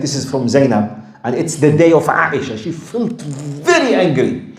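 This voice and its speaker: A man giving a religious lecture, telling stories in a lively way and acting out the quoted lines. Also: on the high side, echoey room. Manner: animated storytelling, acts out quoted lines, laughs with audience. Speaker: Islamic lecturer.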